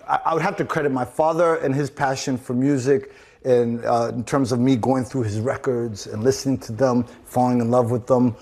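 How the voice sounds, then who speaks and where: Halting man from Zimbabwe being interviewed. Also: mid-range voice, steady tone, darkish tone. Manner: halting, repeats words and restarts often. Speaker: interview guest. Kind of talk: casual interview talk.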